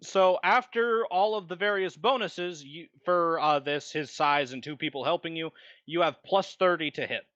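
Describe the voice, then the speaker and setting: A man narrates a tabletop game as game master, his voice bright and a little forceful. He lays out the combat vividly. The dull, dry recording sounds lo-fi. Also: a little high, normal speed, dry recording.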